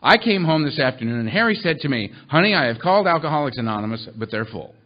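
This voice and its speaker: A man voicing a flustered wife who speaks in hesitant, halting phrases. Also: on the high side, big pitch swings, very noisy. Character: flustered wife asking about a waiting list. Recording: muffled lo-fi recording.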